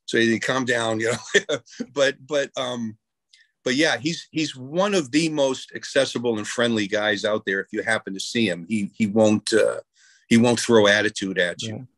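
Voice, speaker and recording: A man's voice: medium pitch, normal speed, fairly bright tone, no room sound. A man from New York telling rambling anecdotes with many restarts in a casual interview. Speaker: guest musician.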